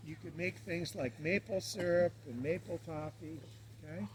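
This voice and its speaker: A man's voice: a little high, normal speed. A man with a Canadian accent leading a tour group outdoors, explaining and asking them questions. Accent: Canadian English. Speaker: tour guide. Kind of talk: outdoor group demonstration talk. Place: outdoors at a sugar bush. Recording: loud background noise, distant.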